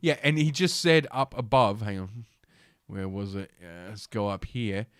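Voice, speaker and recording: A man's voice: fairly low pitch, a little slow, fairly bright tone, smooth, dry recording, clean studio sound. Crude, mocking man reading aloud. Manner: crude, mocking, swears often, laughs at own jokes. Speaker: podcast host. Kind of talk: casual commentary while reading an article aloud.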